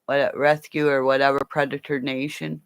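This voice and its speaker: A woman's voice: very deep voice, level tone, moderate pace, smooth. A woman from Canada ranting angrily to camera in a profane, rambling monologue. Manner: profane and angry; rambling, jumps between topics. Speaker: vlogger.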